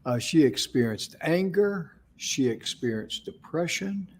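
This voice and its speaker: A man's voice: on the high side, animated, unhurried, husky. A man co-hosting a talk show, telling an inspirational story in a folksy, conversational way. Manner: folksy, affirming with frequent mm-hmms. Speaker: co-host.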